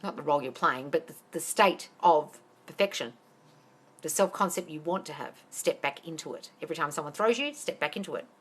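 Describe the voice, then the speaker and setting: A woman's voice: low voice, animated, a little fast, a bit bright, breathy edge. A woman answering questions on a live stream as a manifestation coach. She is blunt and swears freely, and she calls her listeners darling. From not American.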